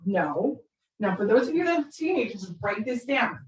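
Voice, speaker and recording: Animated woman telling stories in a roomy hall. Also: a little high, moderate pace. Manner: animated, acts out quoted voices. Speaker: parenting speaker. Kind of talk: storytelling talk to an audience. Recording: roomy sound from far off the mic.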